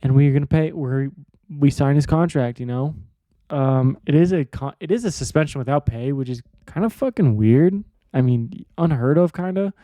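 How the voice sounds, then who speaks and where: A man's voice: on the high side, moderate pace, mellow, no echo, studio quality. A man hosting a sports podcast in a casual monologue, rambling and offhand, swearing freely. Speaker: podcast host.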